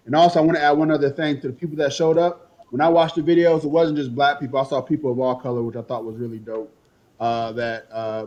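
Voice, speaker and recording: A man's voice: medium pitch, darkish tone. A man in his thirties co-hosting a casual podcast debate, arguing his point emphatically through long stories. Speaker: podcast co-host. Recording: dull lo-fi recording.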